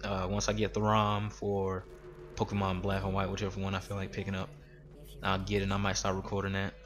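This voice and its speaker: A man's voice: low voice, monotone, fairly quick. A man in his twenties ranting with heavy swearing while commenting on his gameplay. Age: 20s. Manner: profane, exasperated ranting. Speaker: gaming streamer.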